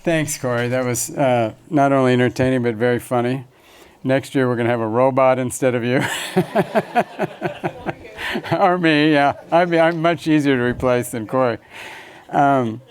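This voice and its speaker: Smooth-voiced man hosting an event. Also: medium pitch, a little mellow. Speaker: symposium host. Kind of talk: event introduction.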